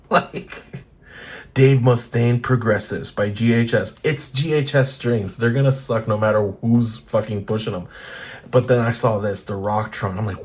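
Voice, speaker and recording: A man's voice: lowish voice, fairly even intonation, moderate pace, a little mellow. A man hosting a guitar channel, reading old magazines aloud in casual commentary, blunt and profane, laughing often.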